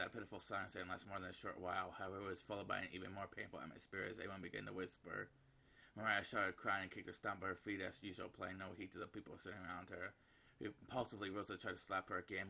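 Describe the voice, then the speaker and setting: A man narrating a visual novel aloud as he plays. His voice is deep and gravelly with a bright edge, and it stays flat. He stumbles now and then and corrects himself. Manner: reading with slips and self-corrections. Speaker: gameplay narrator.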